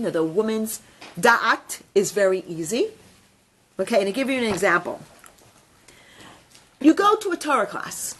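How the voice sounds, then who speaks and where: Woman, religious teacher, storytelling, high pitched, expressive. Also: breathy edge. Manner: animated, chatty, many fillers. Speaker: rebbetzin teaching a women's class. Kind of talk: storytelling lesson.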